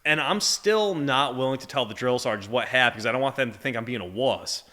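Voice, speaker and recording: A man's voice: mid-range voice, brisk. A man in his twenties from Massachusetts, a podcast guest telling stories casually, full of "like" fillers and acted-out quotes. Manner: animated, heavy "like" fillers, acts out voices in his stories. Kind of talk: casual storytelling.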